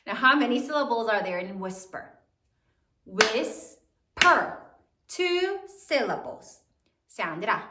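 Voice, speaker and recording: A woman's voice: on the high side, sing-song, unhurried, pushed and bright, distant mic. A woman teaching a third grade spelling lesson, sounding out words letter by letter in a sing-song way. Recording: echoey room, voice off-mic.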